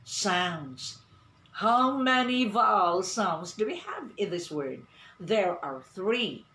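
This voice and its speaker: A woman giving an online pronunciation lesson, speaking deliberately, repeating words and asking the class questions. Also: mid-range voice, expressive, a bit bright. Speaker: English teacher. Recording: roomy echo.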